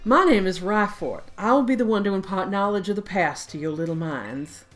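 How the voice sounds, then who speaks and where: A woman's voice: mid-range voice, lively intonation, normal speed, soft background music, natural voice. A woman voicing a pompous female history teacher who lectures grandly, trying for a southern drawl. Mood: lecturing. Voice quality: attempted southern drawl, theatrical.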